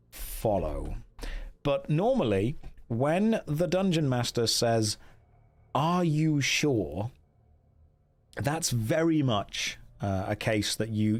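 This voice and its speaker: A man streaming a gamebook, chatting with his viewers about their votes and reading the story passages aloud. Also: medium pitch. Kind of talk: live-streamed gamebook play with chat votes.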